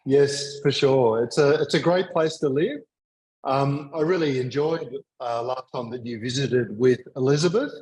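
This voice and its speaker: A man with an Australian accent, speaking as a guest in a conversational interview, measured and thoughtful with some light humor. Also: medium pitch, darkish tone, slight background noise, poor audio. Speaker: guest, mission leader and teacher.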